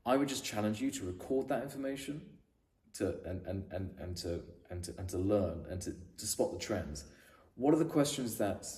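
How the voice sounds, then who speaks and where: Male coach, slightly low, stop-start delivery; distant mic in a roomy space. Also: darkish tone. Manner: rambling, many repeated words and restarts. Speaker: fitness business coach. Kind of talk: talking to camera, advice video. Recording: echoey room, voice from a distance.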